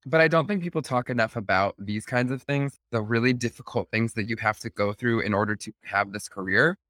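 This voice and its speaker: A man's voice: medium pitch, fairly quick, bright, forceful tone, no echo, studio quality. A man hosting a casual podcast interview, talking in a chatty, self-deprecating way with lots of "like" fillers. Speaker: podcast host.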